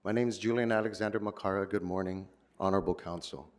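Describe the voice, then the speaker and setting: A man's voice: low voice, level tone, quick pace, few pauses. Solemn man addressing a council. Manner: solemn, earnest, declamatory. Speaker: public commenter. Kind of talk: prepared public comment speech. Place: city council chamber. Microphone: podium microphone.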